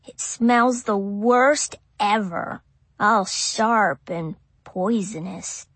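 Slow breathy woman narrating as a child. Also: medium pitch, fairly bright tone, no room sound. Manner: simple childlike phrasing, slow and careful. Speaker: audiobook narrator. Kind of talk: first-person audiobook narration as a small child.

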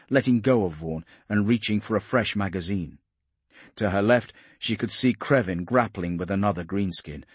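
A man reading an audiobook aloud in a steady, dramatic storytelling manner, recorded close to the mic. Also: fairly low pitch, breathy edge, dry recording. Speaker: audiobook narrator. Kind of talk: scripted audiobook narration.

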